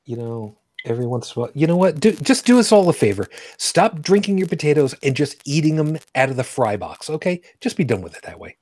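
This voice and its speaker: A man's voice: a little high, big pitch swings, quick pace, few pauses, a little mellow, dry recording. A man hosting a casual live podcast, joking and rambling as he greets viewers. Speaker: podcast host. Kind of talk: casual livestream chat.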